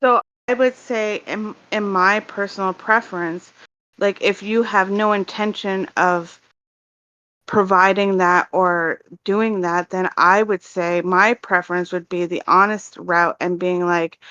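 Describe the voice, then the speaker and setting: A woman's voice: medium pitch, steady tone, unhurried, bright, forceful tone, no room sound. A woman with a Canadian accent calling in and asking probing but polite questions. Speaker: caller. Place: online voice call. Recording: dull, dry lo-fi call audio.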